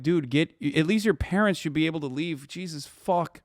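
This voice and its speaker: A man reacting to a news video on a livestream, ranting angrily and swearing heavily, his voice rising into shouts. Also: fairly high pitch, moderate pace, few pauses, no echo, studio quality. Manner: profane, angry ranting.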